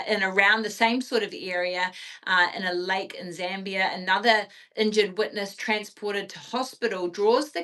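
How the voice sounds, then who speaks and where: A woman's voice: mid-range voice, fairly bright tone. A woman co-hosting a casual livestream, chatting loosely with lots of ums and uhs. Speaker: podcast co-host.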